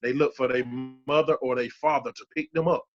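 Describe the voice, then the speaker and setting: A man's voice: medium pitch, steady tone, a little fast, muffled recording, faint music behind. Emphatic man in his thirties giving testimony. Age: 30s. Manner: emphatic, repeats key phrases for weight. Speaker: podcast guest giving a testimony. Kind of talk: emotional personal testimony.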